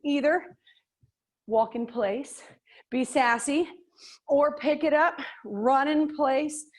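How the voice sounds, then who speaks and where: A woman's voice: sits high, takes it slowly. A middle-aged woman instructing a live workout class, upbeat and joking, counting out reps and slightly out of breath. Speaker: fitness and yoga instructor.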